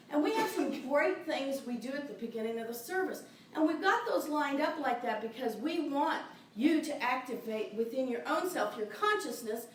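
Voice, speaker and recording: A middle-aged woman minister preaches in a chatty, enthusiastic way, laughing as she goes. Her voice is high. It is picked up from far off in a very echoey church, with a faint hum of room ambience behind it. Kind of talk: sermon. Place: church sanctuary. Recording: very echoey, distant mic in a church.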